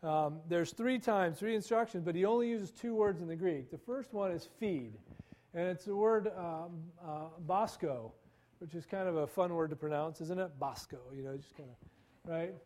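A man's voice: sits high, normal speed, darkish tone. A male pastor giving a conversational sermon, acting out quoted dialogue with stammering repetitions.

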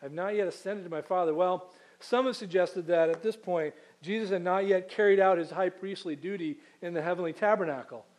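A man preaching a sermon conversationally, asking rhetorical questions and slowing down to read scripture aloud. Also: sits high, darkish tone.

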